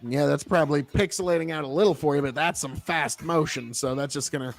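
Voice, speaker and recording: A man hosting a casual livestream as a farmer, rambling and swearing freely, easily excited. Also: a little high, a little fast, vocal fry, faint music behind. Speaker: livestream host and seed farmer.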